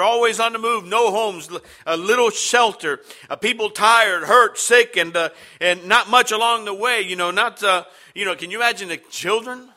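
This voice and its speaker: A male pastor delivers a sermon in a high, very bright voice. He talks in a halting, conversational way, restarting phrases and filling gaps with "uh" and "you know". He turns to the congregation with questions as he goes. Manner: halting, repeats words, many fillers, asks the congregation questions. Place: church sanctuary with congregation.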